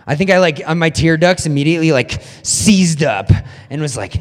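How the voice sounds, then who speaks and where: A man's voice: a little high, brisk. Chatty man preaching in a reverberant hall. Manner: chatty, self-deprecating, many fillers and restarts. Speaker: pastor. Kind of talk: casual sermon with personal story.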